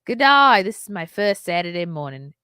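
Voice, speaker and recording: A woman's voice: fairly low pitch, very animated, normal speed, sharp tone, clean tone, no room sound, studio quality. A woman reading a viewer's message in a put-on Australian accent, exaggerated and sing-song. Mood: cheery. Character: hearty, cheery Australian bloke-style greeter.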